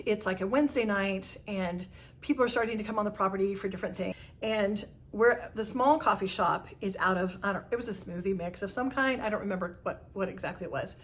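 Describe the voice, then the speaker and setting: Woman storyteller, casual storytime narration, chatty and self-deprecating, frequent laughs. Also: medium pitch. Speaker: storyteller host.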